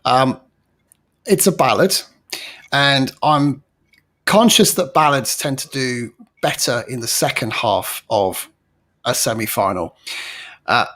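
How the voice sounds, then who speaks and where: A man's voice: medium pitch, slow, pauses often, a bit bright. A man hosting a panel show, playful and upbeat as he presents. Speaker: host.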